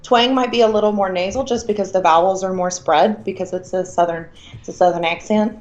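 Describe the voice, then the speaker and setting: A woman's voice: mid-range voice, fairly quick. Gushing young woman on a dull Skype line. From Mississippi, USA. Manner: gushing, stretches words for emphasis. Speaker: live stream co-host, opera singer. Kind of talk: casual live stream chat answering questions. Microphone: remote Skype call.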